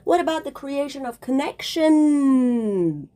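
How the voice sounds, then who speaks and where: A woman with a fairly high voice speaks straight into her camera in a casual monologue. She is emphatic and preachy, leaning on "okay?" and "darling". She sounds a little out of breath. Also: animated, slow pace, warm tone. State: slightly out of breath. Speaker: spiritual video creator.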